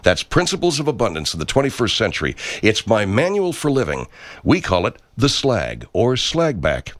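A man's voice: fairly low pitch, wildly swooping pitch, normal speed, fairly bright tone, no room sound. A man in a studio recording pompous self-help promos in an improvised comedy sketch.

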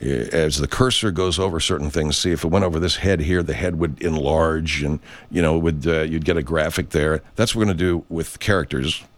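A middle-aged man with an extremely low voice hosts a podcast, talking a little fast with few pauses. His casual, musing monologue rambles, full of swearing and restarts.

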